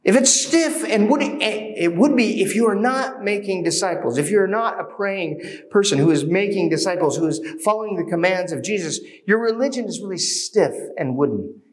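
Male pastor, slightly high voice, earnest exhorting sermon delivery. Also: expressive, moderate pace. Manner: earnest, exhorting with rhetorical questions.

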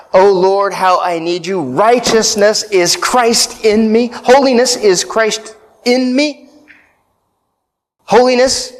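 High-voiced man preaching emphatically. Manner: emphatic preaching with repeated phrases and frequent "right?". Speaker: pastor. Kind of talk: sermon.

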